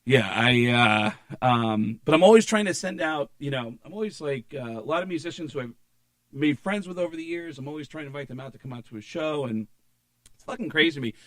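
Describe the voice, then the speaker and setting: A male stand-up comedian telling stories in a casual chat, animated and profane, slipping into voices. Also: fairly high pitch, fairly quick, dry recording.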